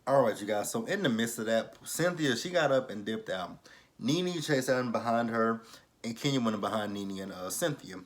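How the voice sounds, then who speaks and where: Animated, profane man recapping reality TV. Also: normal speed. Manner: animated, profane, re-enacts quotes with swings in pitch. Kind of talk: casual opinionated recap.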